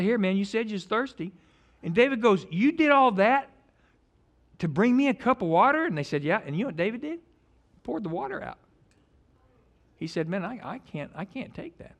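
A man telling an emotional story in a sermon, animated, with many restarts and swings between loud and soft. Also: medium pitch.

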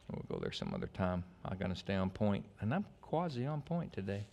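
A middle-aged male pastor preaching a sermon in an animated, digressive way, swinging from loud outbursts to hushed stretches. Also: sits low, brisk, vocal fry, few pauses, lo-fi sound.

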